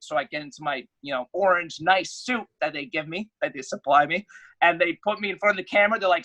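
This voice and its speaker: A man's voice: high voice, fast, rough recording. A young man, a podcast guest, telling a story in casual chat and acting out the voices in it. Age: young adult. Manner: animated, acts out quoted voices loudly.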